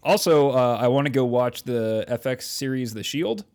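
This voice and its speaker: A man's voice: mid-range voice, expressive, normal speed, darkish tone. A man co-hosting a casual podcast, rambling, swearing often and trailing off while hunting for names. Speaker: podcast co-host. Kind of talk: casual chat.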